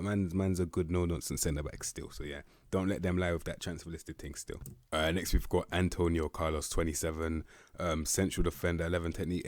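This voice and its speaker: A young man giving casual, blunt commentary on a football management game, slangy and swearing, with sudden loud bursts of emphasis. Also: low voice, no echo. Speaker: gaming YouTuber.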